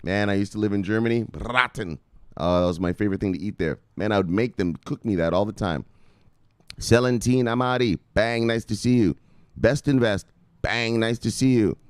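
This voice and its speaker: A middle-aged man hosting a casual crypto live stream, joking, swearing and calling out viewers' names with a loud "bang". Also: on the low side, moderate pace, clean tone, no room sound, clean studio sound. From United States. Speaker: crypto video host.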